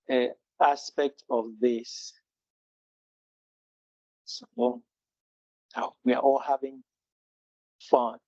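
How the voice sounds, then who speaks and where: A man's voice: medium pitch, gravelly, darkish tone, no room sound, lo-fi sound. A man leading a live training webinar, earnest and full of rhetorical questions, often restarting his sentences. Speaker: Scrum trainer.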